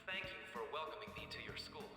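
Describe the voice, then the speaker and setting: An actor playing an awkward, gentle young male school counselor in a video game, speaking softly and formally. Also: on the high side, expressive, fast, soft background music. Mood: earnest. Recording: roomy game audio with reverb.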